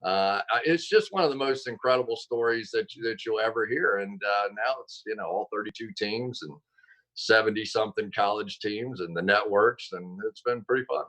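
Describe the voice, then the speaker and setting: Casting: man, low-pitched, bright timbre, animated self-deprecating storyteller on a video call. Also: moderate pace, poor audio. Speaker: guest, former football player and broadcaster. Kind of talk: interview over video call.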